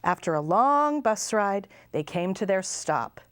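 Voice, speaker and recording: A woman's voice: medium pitch, a little slow. A woman, a children's librarian, reading a picture book aloud at storytime. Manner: expressive, sing-song.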